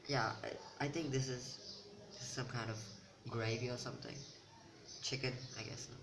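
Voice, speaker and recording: A man's voice: medium pitch, fairly even intonation, normal speed. A teenage boy vlogging to camera in a rambling, self-mocking chat that keeps losing its thread. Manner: rambling, self-mocking, loses his train of thought. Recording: noisy home recording.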